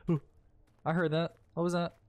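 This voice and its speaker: A man's voice: a little high, level tone, unhurried, a little mellow, a little hiss or hum. A man giving casual, joking commentary while playing a horror game, swearing and laughing often. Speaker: gaming streamer.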